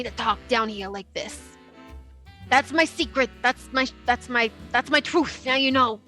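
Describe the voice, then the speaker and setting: A woman narrating a tabletop role-playing game as game master, voicing many characters in an animated way. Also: high voice, measured pace, faint music behind.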